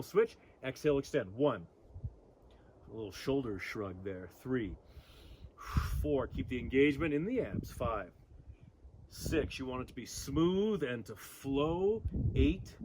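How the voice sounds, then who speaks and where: Counting reps and cueing breaths, a fitness instructor coaches an outdoor abs workout among rocks with upbeat energy. He has a medium-pitched voice, and the recording carries a little hiss or hum.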